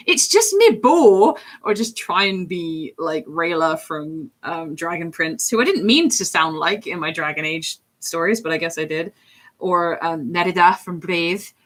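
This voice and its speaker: A woman's voice: sits low, bright, forceful tone. A woman chatting in a rambling, casual way from her home office while drawing on a livestream, with lots of fillers. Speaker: streamer and hobby artist.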